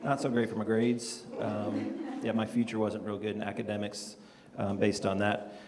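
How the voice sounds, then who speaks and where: A man's voice: on the low side, monotone, normal speed, a crowd in the background. Self-deprecating male stand-up comic. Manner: self-deprecating, laid-back with frequent ums. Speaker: stand-up comedian. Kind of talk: stand-up comedy set. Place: comedy club stage. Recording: live club recording with long reverb and noise.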